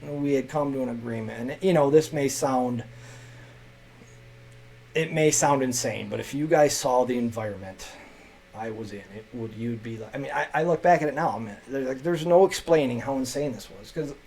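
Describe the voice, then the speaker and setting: A man telling stories from his teaching days in a casual, animated way, rambling with restarts and jumping to loud bursts when he quotes himself. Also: medium pitch, normal speed, a little hiss or hum, low-quality recording. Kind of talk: casual storytelling.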